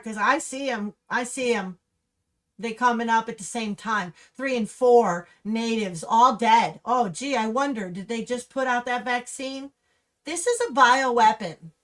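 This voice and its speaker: A woman hosting a livestream gives angry, impassioned commentary that runs restless and ranting. Her voice sits a touch higher than most. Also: fairly bright tone. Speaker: livestream host. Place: Humboldt County, California.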